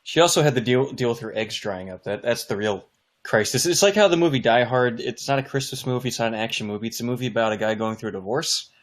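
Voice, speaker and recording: A man's voice: medium pitch, fast. Man cracking crude sarcastic jokes. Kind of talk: casual chat.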